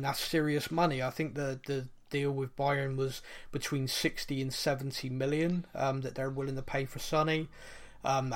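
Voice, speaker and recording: A man co-hosting a podcast in casual chat, rambling and laughing at himself. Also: a little high. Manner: rambling, laughing, self-deprecating. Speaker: podcast co-host.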